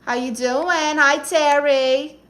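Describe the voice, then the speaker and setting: A woman's voice: sits high, fairly even intonation, takes it slowly, a bit bright. A woman hosting a live stream, reading viewers' comments aloud and answering them in a sassy, blunt, teasing way.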